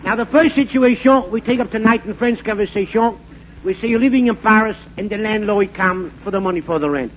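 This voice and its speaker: An actor playing a bumbling fake French professor, in rambling, stammering comic patter for a 1940s radio comedy. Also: male voice, sits high, fairly quick, close to an everyday voice. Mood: mock-lecturing. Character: bumbling fake French professor, fast-talking huckster man. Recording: narrow-band scratchy 1940s radio broadcast.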